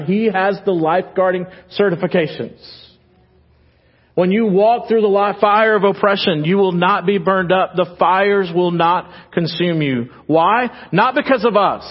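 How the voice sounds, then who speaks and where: A man with a Texan accent preaching a sermon as pastor, animated and then dropping to quiet emphasis. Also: a little high, husky, muffled recording. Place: church sanctuary.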